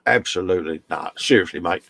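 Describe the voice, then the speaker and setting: Man, gravelly voice, dry close sound, live-stream banter, reading chat aloud. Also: low voice, quick pace, fairly bright tone, no echo. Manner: chummy banter, reads chat messages aloud.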